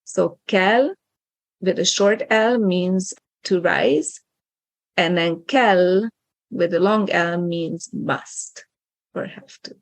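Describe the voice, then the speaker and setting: Woman explaining pronunciation, bit of vocal fry, careful and clear. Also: fairly low pitch, fairly even intonation, slow pace, no echo. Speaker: guest language teacher.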